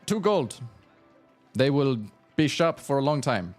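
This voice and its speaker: A man voicing a huge burly woman blacksmith from the north, with a hammy mock Russian accent and a gruff, blunt manner. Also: lowish voice, expressive, moderate pace, darkish tone, faint music behind. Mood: gruff welcoming.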